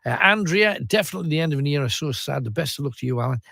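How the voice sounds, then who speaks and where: A man's voice: a little high, animated, racing, creaky, pushed and bright, no room sound, clean studio sound. A man hosting a late-night radio phone-in, reading out listener messages and teasing his callers. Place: radio studio. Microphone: studio mic.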